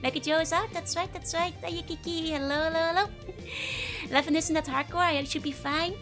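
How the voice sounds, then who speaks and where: A woman's voice: very high-pitched, steady tone, a little fast, music in the background. A young woman streaming a game, chatting casually and giggling as she greets viewers by name. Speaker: VTuber streamer. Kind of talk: casual live-stream chat.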